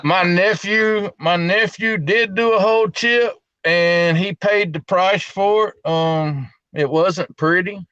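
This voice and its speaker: A man's voice: high-pitched, takes it slowly, hardly any pauses, fairly bright tone, no echo, highs cut off. A middle-aged man, chatting casually on a live stream from a gas station at night, drawling and repeating his words. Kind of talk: casual chat.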